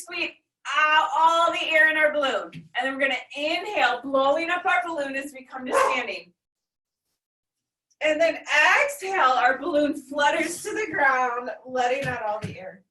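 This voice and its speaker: A woman teaching a children's yoga class, giving gentle, instructive breathing cues with playful animal noises. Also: sits high. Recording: echoey room, far from mic.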